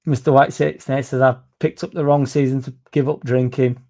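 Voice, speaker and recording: Casting: male fan-channel host, gravelly, rambling, sweary live-chat delivery. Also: medium pitch, flat delivery, moderate pace, mellow. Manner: rambling, self-interrupting, sweary. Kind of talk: casual live-stream chat reading comments.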